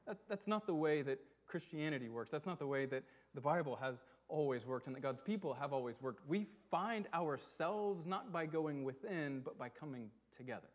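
A pastor delivering a sermon to his church, earnest and emphatic, slowing on key words and asking rhetorical questions. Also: fairly high pitch, expressive.

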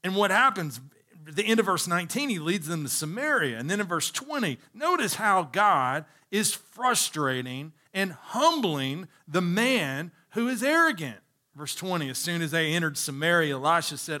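A male pastor delivers a sermon with a bright, forceful voice pitched a little high. He preaches emphatically, pausing to pose rhetorical questions to his listeners. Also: lively intonation.

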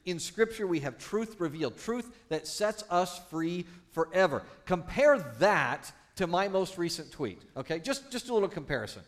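A man, a pastor, preaching a sermon with animated, playful asides to the congregation. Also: high voice, moderate pace, hardly any pauses.

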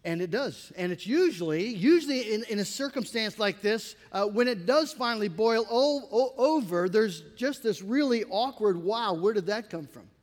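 A man preaching a sermon as a pastor, in a conversational, animated way with asides to the congregation. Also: high-pitched, moderate pace, hardly any pauses, in a large hall.

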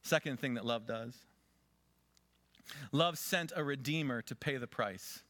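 A man preaching a sermon as a pastor, swinging between loud urging and quiet asides. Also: mid-range voice, a little slow, no room sound.

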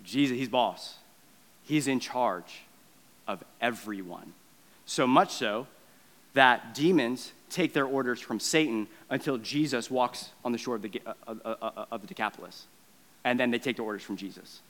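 A man preaching a sermon in a casual, animated way, with conversational asides and acted-out quotes. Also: normal speed, big-room sound. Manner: acts out quotes and switches between loud punches and low, quiet stretches. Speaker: pastor.

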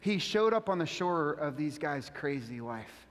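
Male pastor, high-pitched, casual slangy preacher with lots of energy, long reverb. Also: a little slow. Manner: casual, animated, slangy delivery. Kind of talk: sermon.

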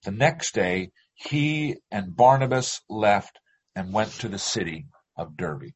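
Husky-voiced man reading scripture aloud. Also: on the low side. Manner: measured, deliberate reading with occasional hesitations. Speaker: pastor.

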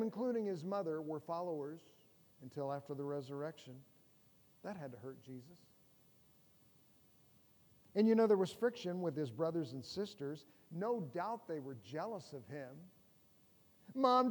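Middle-aged male pastor, high-pitched, chatty preaching with jokes and rhetorical questions, long church reverb. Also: animated, normal speed, warm tone. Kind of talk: sermon.

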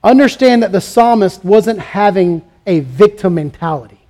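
Male pastor with a high voice, preaching emphatically and questioning his listeners. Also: expressive, moderate pace, mellow. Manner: emphatic, rhetorical questions, acts out quoted voices. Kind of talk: sermon.

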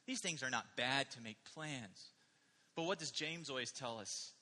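A male pastor preaching a sermon in an animated, emphatic way, often asking the listeners questions. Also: mid-range voice, unhurried, long reverb tail.

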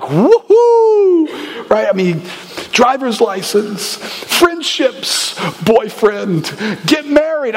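Lively man preaching in an echoey hall. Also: high voice, slight background noise. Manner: lively, conversational, with bursts of excitement. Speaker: pastor. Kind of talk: sermon. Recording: reverberant hall with faint ambience.

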